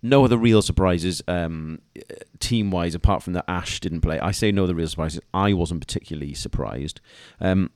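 A man co-hosting a podcast, telling a story with animated energy and laughing as he goes. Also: deep voice, moderate pace, few pauses, dry recording. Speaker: podcast co-host. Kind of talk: casual podcast chat.

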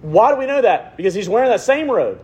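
A man preaching a sermon, rising to loud emphatic points and dropping to hushed, intimate near-whispers. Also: high-pitched, big pitch swings, fast talker, slightly rough.

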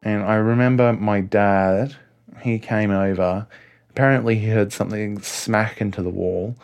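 A man with an Australian accent telling a first-person story in a halting way, often restarting his sentences. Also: lowish voice, steady tone, a little mellow. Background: music score.

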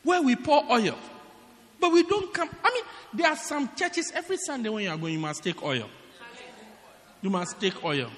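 A man's voice: extremely high pitch, very animated, normal speed, big-room sound. A man preaching a sermon as pastor, in a teasing, joking, conversational way.

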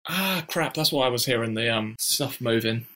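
Male contestant, bright sharp voice, hesitant, guesses aloud. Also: mid-range voice, animated, normal speed. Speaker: quiz contestant. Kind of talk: casual chat.

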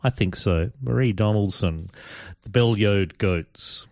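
A man's voice: lowish voice, slow, gravelly, darkish tone, no echo, studio quality. A man hosting a casual podcast, reading poems aloud in a chatty, playful, hesitant way. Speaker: podcast host.

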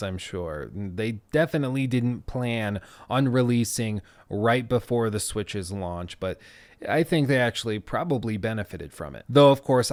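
A man with a fairly low voice talks through his commentary in a relaxed, conversational way. He is analytical, but often drops in casual, self-deprecating asides. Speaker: video essayist.

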